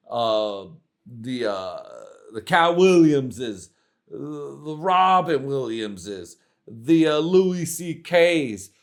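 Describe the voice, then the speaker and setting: Laid-back guy riffing jokes out loud, rambly, swears a lot, mid-pitched voice. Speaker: comedian. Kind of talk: workshopping stand-up jokes.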